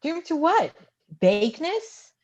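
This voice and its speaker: Cast: woman reading a flustered young woman, somewhat high voice, dull lo-fi recording. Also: very animated, takes it slowly, a little mellow, heavily acted. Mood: doubtful. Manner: hesitant, fumbling. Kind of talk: live play reading.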